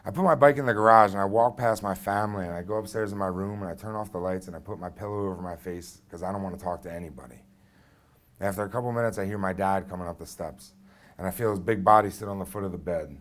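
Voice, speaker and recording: Low-voiced man telling a story live. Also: fast, a bit bright. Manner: conversational, vivid and blunt, with frequent "uh" fillers. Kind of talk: live first-person storytelling.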